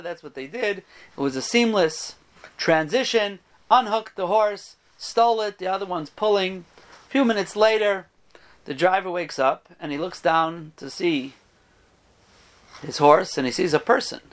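High-voiced man telling a parable. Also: moderate pace. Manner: animated storyteller, voices the characters. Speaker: rabbi giving a Torah talk. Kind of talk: storytelling sermon.

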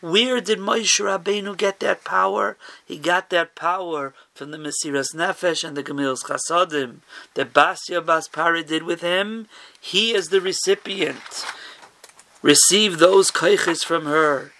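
A man's voice: a little high, measured pace, sharp tone. A man giving an emphatic sermon, telling a story and mixing in Hebrew and Yiddish terms. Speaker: rabbi giving a Torah talk.

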